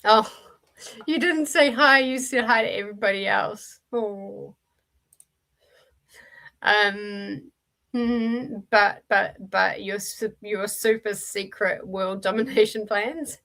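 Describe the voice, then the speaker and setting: Her voice is mid-range, gravelly, and fairly bright, delivered slowly with a steady tone. This New Zealand-accented woman hosts a reading livestream as part of a reading sprint, chatting, laughing often, and using restarts and fillers as she reads viewer comments.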